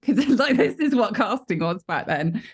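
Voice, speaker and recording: A British woman in her forties speaks openly in an interview. She is a chatty, frank storyteller who is quick to poke fun at herself. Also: mid-range voice, animated, slightly rough. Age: 40s. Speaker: voice actor guest. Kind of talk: candid interview talk.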